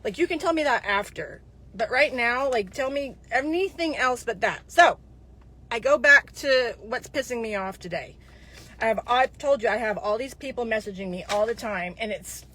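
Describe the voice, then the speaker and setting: Woman from dallas venting on her vlog, high voice, animated and fed up, keeps restarting sentences. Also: normal speed. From Dallas, Texas. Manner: exasperated, animated ranting with many restarts. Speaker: vlogger. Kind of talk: casual vlog rant.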